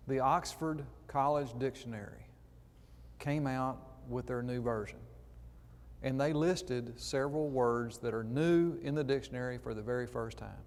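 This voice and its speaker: A man's voice: mid-range voice, a little mellow. A man preaching a sermon in a church, reading scripture and adding conversational asides. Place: church auditorium. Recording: long reverb in a church hall.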